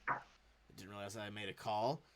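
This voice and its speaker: A man doing a low, mumbling surly miner. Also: steady tone, normal speed, lightly acted. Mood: wary. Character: gruff male miner, surly and opportunistic.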